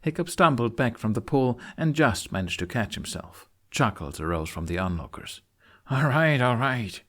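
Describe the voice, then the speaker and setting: A man narrating a fan audiobook chapter in a measured storytelling manner. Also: on the low side, very animated.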